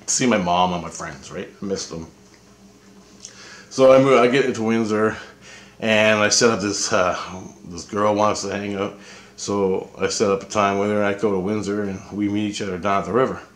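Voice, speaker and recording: A man's voice: fairly low pitch, a little hiss or hum. Rambling, profane man in an echoey room. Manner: rambling, profane, repeats himself. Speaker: vlogger telling experiences. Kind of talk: casual storytelling.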